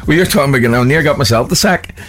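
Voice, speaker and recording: A man's voice: medium pitch, rapid-fire, a bit bright. A middle-aged man, a guest on a radio show, telling a funny story and chuckling as he goes. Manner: chuckling raconteur. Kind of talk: casual anecdote.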